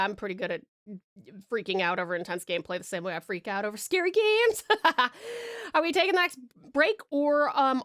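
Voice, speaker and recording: Young woman, Australian accent, giggly casual streamer chat, high-pitched, dry close sound. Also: fairly bright tone, dry recording. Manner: bubbly, giggly, greets viewers with pet names. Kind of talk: casual chat while drawing, reading chat aloud.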